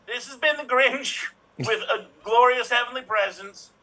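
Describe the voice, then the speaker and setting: A man playing a grumpy green creature whose heart has just softened, talking in a goofy, rambling, exclamatory way. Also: very high voice, unhurried, heavily acted, rough recording. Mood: overjoyed.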